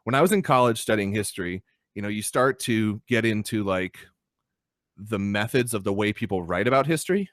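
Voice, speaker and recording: Animated, swearing young man ranting. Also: fairly low pitch, brisk, no echo, clean studio sound. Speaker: podcast co-host. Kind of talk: casual podcast chat. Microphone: podcast microphone.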